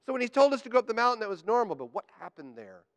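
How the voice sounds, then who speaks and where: A man preaching a sermon to a congregation, animated and joking, building up to emphatic declarations. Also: high-pitched, very fast. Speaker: pastor. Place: church sanctuary. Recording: church hall with long reverb.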